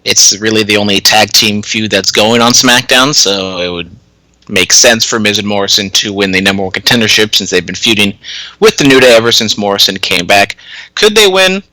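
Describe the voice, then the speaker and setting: A man's voice: lowish voice, moderate pace, pushed and bright, dry recording, poor audio. A man co-hosting a casual wrestling podcast, giving opinions in a dry, wry way. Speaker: podcast co-host.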